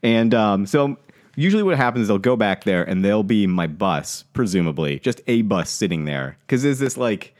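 Deep-voiced man telling a story. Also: moderate pace. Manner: animated, acts out quoted voices. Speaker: podcast co-host. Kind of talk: casual storytelling.

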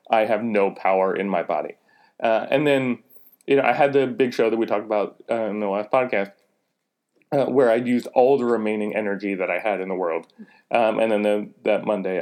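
A man's voice: lowish voice, a little mellow. A man co-hosting a podcast, telling a story in a casual, rambling, frank way with some swearing. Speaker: podcast co-host.

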